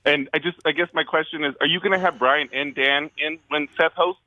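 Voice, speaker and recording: A man phones into a radio show, talking fast in an upbeat, friendly way. His voice is a bit high. The line sounds muffled and dry. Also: fairly even intonation, sharp tone, no echo. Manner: upbeat, quick friendly talker. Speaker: caller. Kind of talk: phone-in chat.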